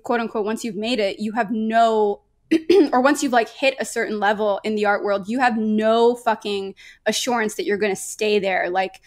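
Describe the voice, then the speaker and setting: A young adult woman, a painter talking as a guest in a casual podcast conversation, animated, laughing often and swearing freely. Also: mid-range voice.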